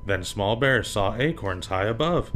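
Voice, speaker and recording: A man reading children's picture books aloud for his podcast, with a lively, swinging voice pitched in the middle. He acts out the sounds with gusto, and a faint hiss sits under the recording. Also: measured pace. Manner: animated, acts out sound effects.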